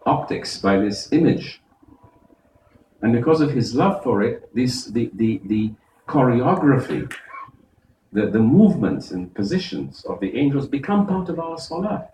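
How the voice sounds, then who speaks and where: A man, an imam, giving a Friday sermon, explaining verses step by step and reciting Arabic quickly. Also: medium pitch, sing-song, a little mellow, echoey room, distant mic, slight background noise, rough recording. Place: mosque prayer hall.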